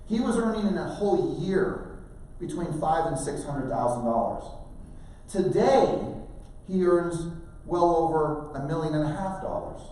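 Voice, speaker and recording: A man's voice: fairly high pitch, lively intonation, a little slow, mellow. A man in his forties giving a motivational conference talk, telling stories animatedly and acting out quoted dialogue. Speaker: motivational speaker at a real estate training event. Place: large conference room. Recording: very echoey hall, distant, faint hiss.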